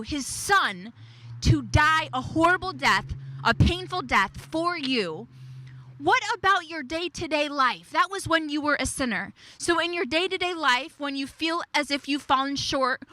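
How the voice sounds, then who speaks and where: A woman preaching in a high, bright voice, leaning hard on her words and repeating key lines. She takes her time and lets each declaration sit. The sound is dry and close, with little room around it. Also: dry recording. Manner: emphatic, repeats key phrases, slows on declarations. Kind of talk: devotional sermon.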